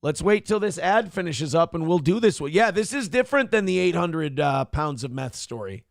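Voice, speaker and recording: A man's voice: a little high, lively intonation, normal speed, gravelly, dry recording, studio quality. A man from Minnesota hosting a morning show, reading live chat aloud and riffing on it with crude, irreverent commentary. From Minnesota, USA.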